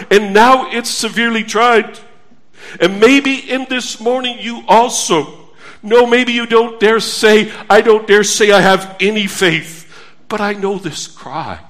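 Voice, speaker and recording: A man preaching a sermon as pastor, earnest and pleading, moving between hushed stillness and urgent appeals. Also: high voice.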